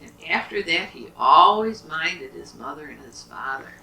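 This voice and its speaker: Animated storytelling woman, lowish bright voice, echoey home room from a distance. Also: moderate pace, gravelly. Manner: animated, asks the child questions. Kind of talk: telling a bedtime story to a child. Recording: roomy, from a distance.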